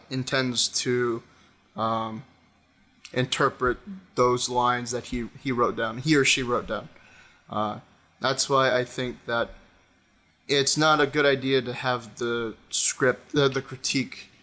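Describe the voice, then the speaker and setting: A young video essayist works through his opinion in a loose commentary monologue, his mid-pitched voice bright and forward. He hesitates a lot, restarting sentences and filling gaps with ums and uhs.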